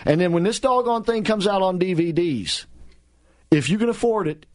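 A man's voice: high-pitched, animated, moderate pace. A man hosting political talk radio, speaking in a sarcastic, heated way with many restarts and repeated words.

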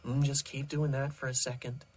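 A man voicing a pushy lab scientist who gives brisk, matter-of-fact orders. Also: mid-range voice, flat delivery, darkish tone, breathy edge, close to an everyday voice. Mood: coaching.

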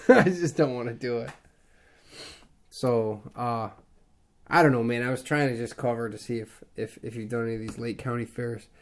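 A man's voice: medium pitch, normal speed, pauses often. A man in his thirties, a podcast co-host, telling stories in casual chat and acting out other people's lines. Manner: animated storyteller, acts out other people's lines.

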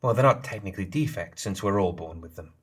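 Sly geisha woman in charge, read by a male narrator: smug, teasing, a little husky, slightly raised from a lowish voice. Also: expressive, fast. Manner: playful, teasing and knowing.

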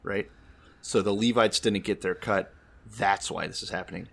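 A sardonic man co-hosting an irreverent comedy chat, blunt and profane. His voice is low-pitched yet bright and forceful in tone. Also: fairly even intonation, normal speed, vocal fry. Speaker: podcast co-host.

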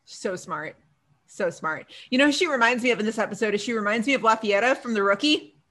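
Animated woman recapping a TV episode. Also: on the high side, racing, a little hiss or hum. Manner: animated, acts out characters' lines, swears freely. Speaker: podcast co-host. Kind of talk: casual TV recap chat.

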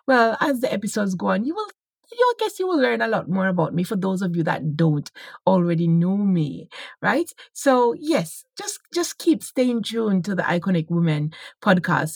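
A middle-aged woman with a Jamaican accent hosts a podcast in a chatty, personal way. She talks through a story and sometimes repeats words mid-thought. Her voice is husky, and the sound is dry and close. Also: medium pitch, big pitch swings, moderate pace, darkish tone, no echo. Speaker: podcast host. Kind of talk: casual podcast monologue with a read-aloud story.

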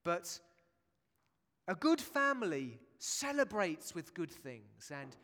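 A man's voice: high-pitched, sing-song, slow, sharp tone. A man preaching a sermon in a church, chatty and jokey, with asides to the congregation. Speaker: pastor. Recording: long church reverb.

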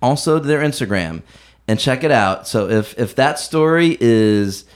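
A man's voice: mid-range voice, expressive, moderate pace. A man co-hosting a casual beer podcast, talking with a sarcastic, joking edge. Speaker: podcast co-host, beer reviewer. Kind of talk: casual chat.

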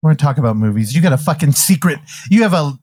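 A man's voice: on the high side, lively intonation, racing, darkish tone, no room sound, studio quality. A man co-hosting a podcast in casual chat, teasing the others, swearing and laughing often. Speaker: podcast co-host.

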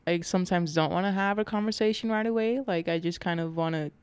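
A woman guest on a podcast in casual chat, calm and laid-back with short, dry replies. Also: lowish voice, quick pace, smooth.

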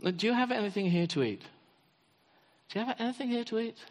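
A man voicing a gentle risen Jesus who softly coaxes his friends to come closer. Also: high-pitched, expressive, fast talker, big-room sound, voice pushed up. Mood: coaxing.

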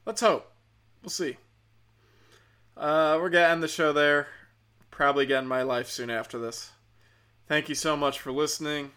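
A man's voice: a little high, steady tone, moderate pace, pauses often, sharp tone, smooth. A man hosting a podcast, talking in a rambling, profane, sardonic comic monologue. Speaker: podcast host.

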